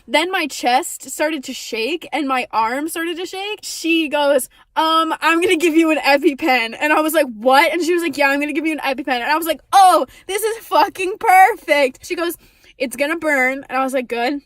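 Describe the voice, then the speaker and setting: A young woman in her car telling a sarcastic, expressive storytime vlog, swearing freely. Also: high-pitched, a little fast, no room sound. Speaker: vlogger.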